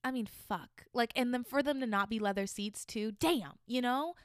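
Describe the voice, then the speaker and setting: A woman in her twenties hosting a solo podcast, reading listener stories aloud and reacting with loud, swearing outbursts. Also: a little high, normal speed, clean tone, dry recording, clean studio sound. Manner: animated, swearing, reacting loudly. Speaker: podcast host.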